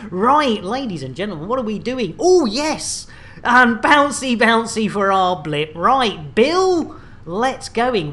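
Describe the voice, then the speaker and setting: Jokey streamer, rambling banter. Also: male voice, high voice, a bit bright. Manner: jokey, rambling, repeats catchphrases. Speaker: game streamer. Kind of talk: live-stream commentary.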